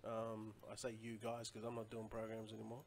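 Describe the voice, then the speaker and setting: A man's voice: lowish voice, monotone, a little fast, vocal fry, a little hiss or hum. A man chatting casually on a live stream, rambling loosely and answering viewer comments as he goes.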